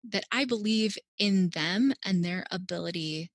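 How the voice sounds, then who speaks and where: A woman's voice: on the low side, unhurried, no room sound. Upbeat woman dietitian giving advice. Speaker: guest dietitian. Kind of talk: casual podcast interview.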